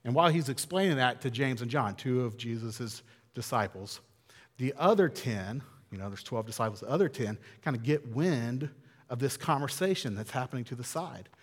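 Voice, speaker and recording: A man preaching a sermon in a casual, animated way, acting out the quotes he tells. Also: medium pitch, moderate pace, big-room sound. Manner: conversational, animated, acts out quotes. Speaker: pastor.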